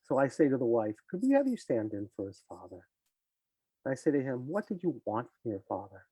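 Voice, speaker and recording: A man's voice: mid-range voice, very animated, a little fast, dark tone, breathy edge, dry recording. An older man, a psychologist guest, telling a case story in conversation and acting out his clients' lines with animation.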